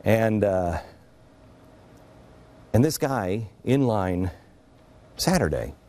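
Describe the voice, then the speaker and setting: Middle-aged male talk host, low and mellow, earnest confiding monologue with a lively, swinging delivery. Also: extremely slow. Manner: earnest, confiding, with sudden drops to a hush. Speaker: radio and TV show host. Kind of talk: monologue storytelling.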